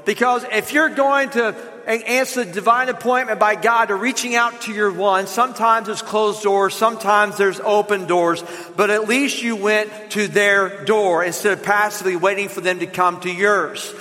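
A man with a Southern American accent preaching a lively, joking sermon to his congregation in a church. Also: high voice, normal speed, in a large hall. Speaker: pastor. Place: church sanctuary.

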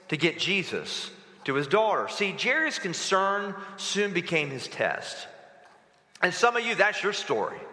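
A pastor preaching a sermon to his church with dramatic delivery, swinging from loud urgent pleas to hushed low tones. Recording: echoey hall reverb.

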